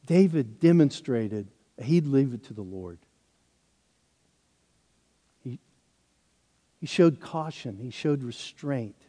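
A man's voice: medium pitch, animated, slow, long pauses, mellow. A man preaching a sermon, walking through a Bible passage with self-deprecating asides. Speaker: pastor. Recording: long hall reverb.

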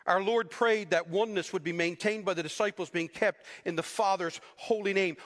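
A man preaching a sermon with animated delivery, acting out the people he quotes. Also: sits high, normal speed, few pauses, long reverb tail. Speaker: pastor.

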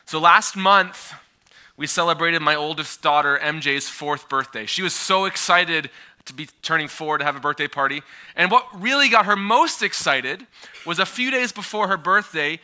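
Man in his thirties preaching, sharp bright voice. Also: fairly high pitch, moderate pace. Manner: conversational, animated, with frequent filler and restarts. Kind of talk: sermon with personal storytelling.

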